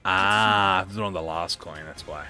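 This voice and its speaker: A man hosting a gaming channel, giving let's-play commentary while thinking out loud as he plays. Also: sits low, brisk, soft background music.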